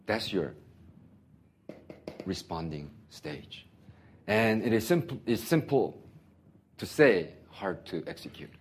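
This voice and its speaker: A man preaching a sermon, telling an animated story with bursts of laughter. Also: on the low side, takes it slowly, long pauses, slight background noise. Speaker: pastor.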